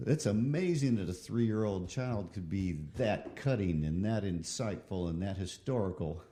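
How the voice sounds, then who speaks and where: Give me a man with a low, mellow voice making dry jokes as a podcast co-host. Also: animated, moderate pace. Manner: wry, joking asides. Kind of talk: casual chat.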